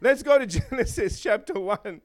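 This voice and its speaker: A man's voice: very high-pitched, animated, normal speed. A man preaching a sermon in a playful way, chuckling often and checking in with his listeners.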